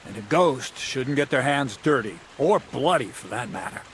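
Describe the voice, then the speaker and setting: A man's voice: mid-range voice, animated, normal speed, a little hiss or hum, close to an everyday voice. An actor playing a wry, scheming male thief mentor in a video game, giving advice with dry mockery. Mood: instructive. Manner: wry, mocking, conspiratorial. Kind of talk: studio video game dialogue.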